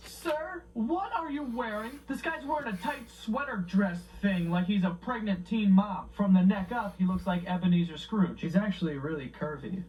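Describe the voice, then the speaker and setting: A man's voice: sits high, moderate pace, hardly any pauses, a little mellow, recorded from a distance, rough recording. A man giving profane comedic commentary, incredulous and mocking, swearing often.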